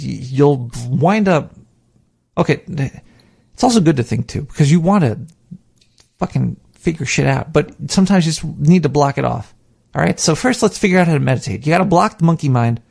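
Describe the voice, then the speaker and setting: A man's voice: a little high, gravelly. A man hosting a podcast, rambling casually and profanely about meditation and self-hypnosis, with a studio microphone. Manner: rambling, profane, animated, mimics inner voice. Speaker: podcast host.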